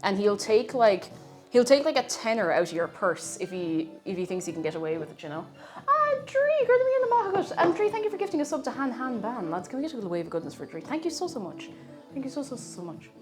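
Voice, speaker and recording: A woman's voice: medium pitch, sing-song, fast, darkish tone, soft background music. A woman chatting casually and playfully with her viewers while cooking in her home kitchen on a livestream. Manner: playful rambling banter with chat. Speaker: streamer. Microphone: streaming mic.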